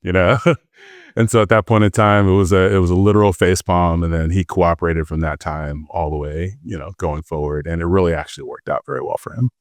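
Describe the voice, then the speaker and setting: A middle-aged man spins workplace stories in a relaxed, self-assured way. His voice sits very low, and the close, dry recording leaves no room sound around it. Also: a little fast, dry recording. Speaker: guest, former FBI agent. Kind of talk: casual storytelling.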